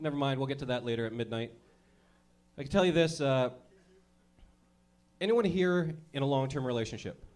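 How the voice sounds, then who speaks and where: A man in his thirties doing profane stand-up comedy, working the crowd and laughing at his own jokes. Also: a little high.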